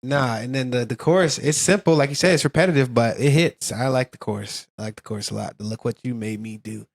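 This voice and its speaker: A man's voice: medium pitch, quick pace, vocal fry. Thoughtful man in casual music talk. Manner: thoughtful, hesitant with fillers. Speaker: music reaction co-host. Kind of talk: casual music review chat.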